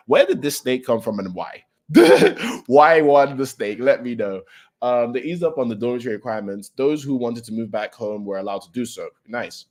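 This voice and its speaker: A man's voice: mid-range voice, a little mellow. A young man chatting casually on a livestream as he reacts to a manga, greeting viewers by name and swearing loosely.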